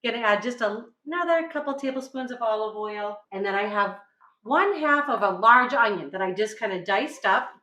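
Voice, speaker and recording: A woman's voice: fairly high pitch, expressive, moderate pace, pushed and bright, reverberant, low-quality recording. A middle-aged woman from New England hosting a casual cooking demonstration, chatty and upbeat, often checking in with "right?". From New England, USA. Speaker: cooking show host. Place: home kitchen.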